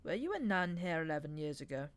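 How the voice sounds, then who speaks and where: A woman's voice: deep voice, very animated, fast. Crowley, a sardonic demon, read by a woman. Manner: snappish, sardonic. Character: sardonic male demon, snappish and sly. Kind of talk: audiobook reading.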